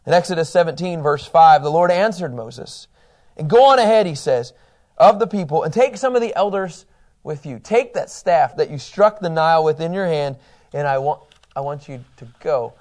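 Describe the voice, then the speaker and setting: Man, Bible teacher, high-pitched, conversational, enthusiastic. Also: normal speed, a little mellow. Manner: enthusiastic, conversational, acts out quotes.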